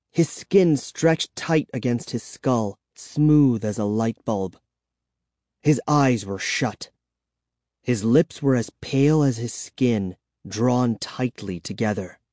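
Male narrator, unhurried and lively in pitch, storybook reading. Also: dry recording, studio quality. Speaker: audiobook narrator. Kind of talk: scripted first-person narration.

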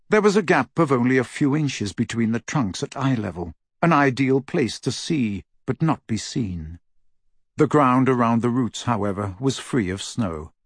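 An audiobook narrator with a husky, expressive male voice reads scripted narration in a mid-range register. The recording is clean studio sound with no echo.

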